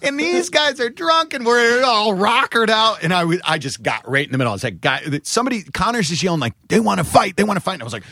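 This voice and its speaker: A man telling rowdy band-tour stories in casual chat, swearing freely and loudly acting out the people he quotes. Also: high-pitched, very animated, fast, gravelly, few pauses, dry recording. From Irish heritage. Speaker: podcast guest, musician.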